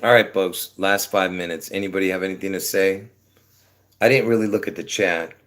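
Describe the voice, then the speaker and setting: A man's voice: low voice, steady tone, brisk, fairly bright tone. A man rambling casually to his viewers on a livestream from his apartment, trailing off with many fillers. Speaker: livestream host.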